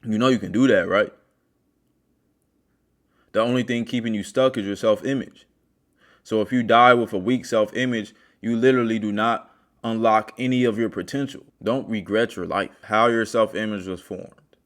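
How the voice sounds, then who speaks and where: A man's voice: on the low side, fairly even intonation, normal speed. A man hosting a self-help video, speaking earnestly and straight to the viewer as he tells a personal story in a motivational monologue.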